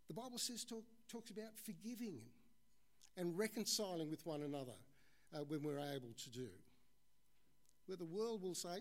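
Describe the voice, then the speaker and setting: A man's voice: high-pitched, expressive, moderate pace, pauses often. Man preaching a conversational sermon. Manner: conversational, addresses the congregation as folks, tells stories.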